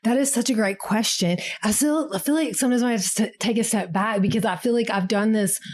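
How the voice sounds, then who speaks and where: A woman's voice: on the high side, fast, a little mellow. A middle-aged woman, a pregnancy center worker talking earnestly in a casual interview, leaning on "you know" as she tells stories.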